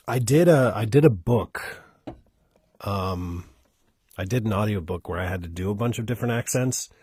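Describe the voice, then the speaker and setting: A man hosting a live stream who reads poems aloud and chats with viewers between readings, measured and soft, with many hesitations when he talks off the page. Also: lowish voice, breathy edge, dry recording, studio quality.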